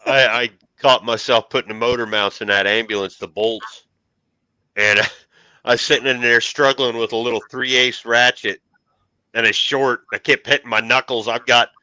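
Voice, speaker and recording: A man's voice: mid-range voice, steady tone, normal speed, sharp tone, no room sound, poor audio. A man chatting casually as a car-hobby show host, telling self-mocking garage stories and swearing lightly. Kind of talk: casual chat.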